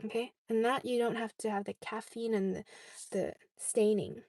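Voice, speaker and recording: Gravelly-voiced woman in casual chat. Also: a little high, steady tone, normal speed, a little mellow. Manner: chatty, often checks in with "okay?". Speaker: vlogger answering viewer questions.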